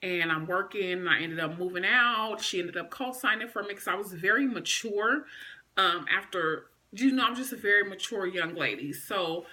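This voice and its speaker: An adult woman recounting a personal story to her viewers, with a bright, forceful tone. She speaks conversationally and with emotion, leaning on fillers as she goes. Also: medium pitch, normal speed. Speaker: vlogger.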